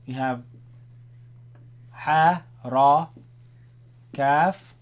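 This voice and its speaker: A man teaching a Quran class, explaining vowels step by step and checking in with his students. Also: a little high. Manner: repeats Arabic words slowly and loudly, checks in with "right?". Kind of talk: classroom Arabic lesson.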